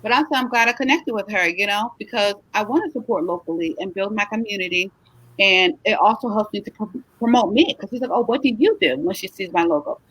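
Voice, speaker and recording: A woman's voice: medium pitch, no echo. A middle-aged woman hosting a casual live chat, talking in a chatty, encouraging way and sounding tired. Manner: chatty, animated, encouraging, drawn-out emphatic words. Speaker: host, travel agency owner.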